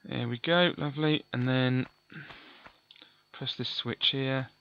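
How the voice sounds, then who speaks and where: A man's voice: mid-range voice, steady tone, slow, fairly bright tone, lo-fi sound, slight background noise. A man giving chatty, offhand let's play commentary, often correcting himself. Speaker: gaming commentator.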